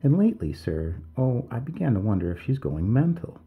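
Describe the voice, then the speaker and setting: Pitching his mid-range voice above his natural register, a man performs a tearful, anxious village mother in middle age, speaking briskly in a sing-song way. Her pleading is humble and full of "sir," heard through thin, phone-like sound.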